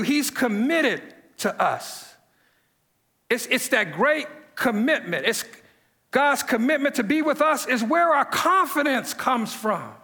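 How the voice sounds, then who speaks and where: Man, preacher, sermon, high voice, slow deliberate pace, repeats for emphasis. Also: animated, pushed and bright, in a large hall. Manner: preaching with repetitions and emphatic rises. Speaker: pastor.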